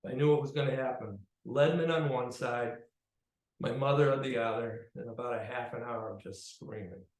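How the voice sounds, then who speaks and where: A man of medium pitch tells a personal story in a chatty, animated voice that swings from loud to hushed. The recording has a roomy echo around him. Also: moderate pace. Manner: conversational, animated, swings between loud and quiet.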